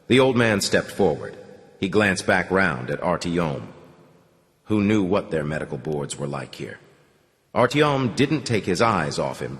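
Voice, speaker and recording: A man reading an audiobook aloud in an expressive storytelling way. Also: low voice. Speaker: audiobook narrator. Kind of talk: scripted narration. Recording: long hall reverb.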